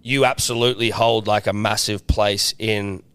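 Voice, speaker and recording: A man, a co-host asking relaxed, rambling questions in a casual sports podcast. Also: fairly low pitch, moderate pace, smooth.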